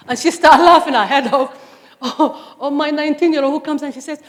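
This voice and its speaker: A woman's voice: high voice, fast talker. Somali-accented woman speaking in a reverberant hall. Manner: earnest and emphatic, with humorous asides. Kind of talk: personal testimony talk. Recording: long hall reverb on stage.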